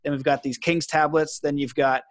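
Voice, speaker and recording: Podcast host, male, excitable and rambling, dry close sound. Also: fairly high pitch, moderate pace, dry recording. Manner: rambling, enthusiastic, many fillers and restarts. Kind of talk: casual interview chat.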